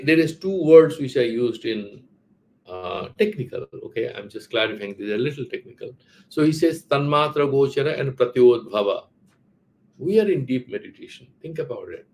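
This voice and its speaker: A middle-aged man teaching philosophy, explaining Sanskrit scripture in a halting way, repeating words and asking rhetorical questions. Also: mid-range voice, a little mellow, rough recording.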